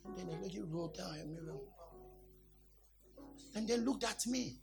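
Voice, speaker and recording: A man's voice: high-pitched, normal speed, vocal fry, music in the background. A man preaching, telling a story in a dramatic, exclaiming manner. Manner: laughing, exclaiming, dramatic retelling. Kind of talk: animated sermon storytelling.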